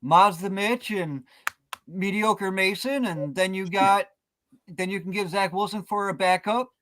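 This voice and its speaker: High, bright-voiced argumentative man. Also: unhurried. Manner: incredulous, argumentative. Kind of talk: casual sports talk.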